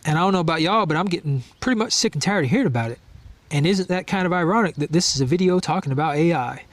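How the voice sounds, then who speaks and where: A man's voice: on the high side, animated, fast talker, no room sound. A man casually introducing a video, talking straight to viewers.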